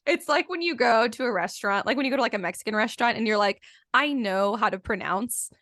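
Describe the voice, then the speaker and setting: A woman's voice: fairly high pitch, fast talker, fairly bright tone, no echo, studio quality. A woman co-hosting a casual book-club podcast. She rambles with lots of "like" fillers and laughs often. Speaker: podcast co-host.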